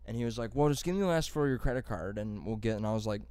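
A man's voice: lowish voice, animated, racing, a little mellow, clean tone, no room sound. A man telling a rambling, profane story in casual chat among friends.

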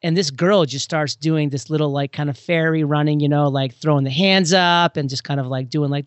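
A man with a fairly high voice chats casually and tells stories with lots of animation, leaping up in pitch as he acts out moments. He sounds close and dry, with no room around him. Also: normal speed, clean tone, no echo. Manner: animated storyteller, acts out scenes with sudden pitch jumps. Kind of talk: casual conversation.

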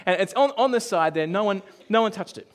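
Male pastor, high voice, chatty sermon delivery with asides and hushed drops. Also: animated. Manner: conversational storytelling with asides and quick dips to a hush.

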